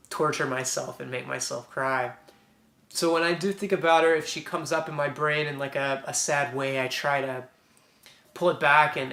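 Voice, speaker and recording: A man's voice: medium pitch, vocal fry, pushed and bright. A young man telling a personal story to camera, rambling and reflective with frequent restarts. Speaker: vlogger. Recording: echoey room.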